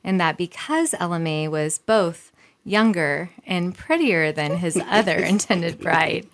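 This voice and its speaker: A woman co-host reading a history story aloud in a lively way, stopping now and then to joke. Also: fairly low pitch, measured pace. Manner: lively, breaks off to joke and laugh.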